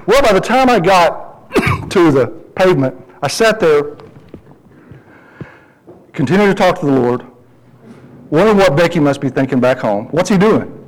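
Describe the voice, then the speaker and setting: A middle-aged man preaching a sermon and telling a personal story, lively and animated, his voice jumping high as he quotes himself. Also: moderate pace, pauses often, low-quality recording. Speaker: pastor.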